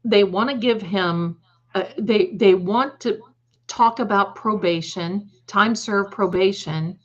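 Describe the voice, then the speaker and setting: A woman hosts a casual live stream in a rambling, emphatic way, often restarting her thoughts. She takes her time, with a medium pitch. The audio is dull and lo-fi, like a low-quality stream. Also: takes it slowly. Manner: rambling, emphatic, frequent self-corrections.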